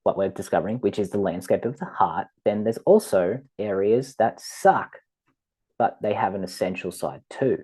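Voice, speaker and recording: A man giving a rambling, animated spiritual teaching talk, often laughing and acting out quoted voices. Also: lowish voice, moderate pace, husky.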